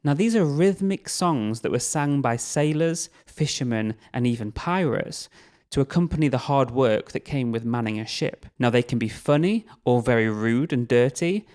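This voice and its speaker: A man's voice: mid-range voice, lively intonation, normal speed, darkish tone. A man teaching a recorded poetry lesson, explaining patiently and a little tentatively. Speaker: literature teacher.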